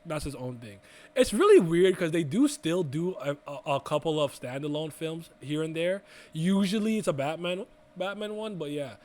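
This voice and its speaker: A man's voice: fairly high pitch, lively intonation, moderate pace, a little mellow. A young man co-hosting a casual podcast, rambling through restarts and swearing freely as he chats. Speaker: podcast co-host. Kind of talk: casual chat.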